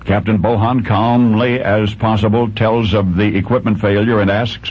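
Dramatic male radio storyteller, husky and low. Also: fairly even intonation, darkish tone. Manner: dramatic, deliberate pauses, sweeping pitch swings. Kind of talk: scripted radio narration. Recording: dull lo-fi radio recording.

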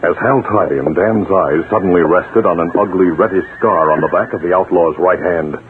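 A man giving measured, scripted narration for an old radio adventure serial. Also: low voice. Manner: measured storytelling. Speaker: narrator and announcer. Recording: lo-fi old radio broadcast with hiss.

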